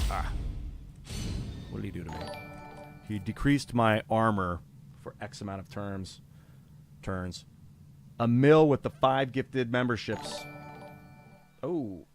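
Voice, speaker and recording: A man commentating his own card game on a live stream, thinking aloud about his moves in a casual, profane way and getting excited when thanking viewers. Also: fairly low pitch, a little slow, gravelly, pauses often, soft background music. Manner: reads out donor names with rising excitement.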